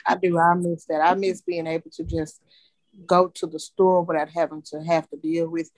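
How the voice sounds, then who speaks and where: Young woman co-host, chatty animated storyteller, dry close-mic sound. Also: lowish voice, moderate pace, no room sound. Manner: animated storyteller who acts out her child's voice. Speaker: podcast co-host. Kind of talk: casual chat.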